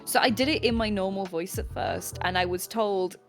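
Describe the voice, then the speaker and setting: A woman's voice: medium pitch, moderate pace, soft background music. A woman voice actor chatting casually on a panel, giggly and rambling, swearing now and then.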